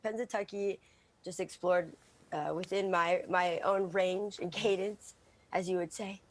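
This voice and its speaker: A woman's voice: fairly low pitch, unhurried. A woman with a lazy Southern drawl, speaking as a guest on a morning TV show. She takes her time with her answers and hedges with fillers before she gets to the point. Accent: Southern American. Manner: lazy drawl, relaxed, hesitant. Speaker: actress and singer guest. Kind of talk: morning TV interview.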